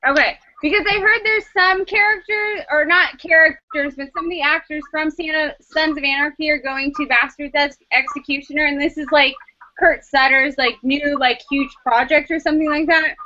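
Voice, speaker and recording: A woman co-hosting a casual podcast, talking in an excitable, gushing way. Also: high voice, moderate pace. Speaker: podcast co-host. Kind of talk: casual panel chat. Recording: dull lo-fi sound.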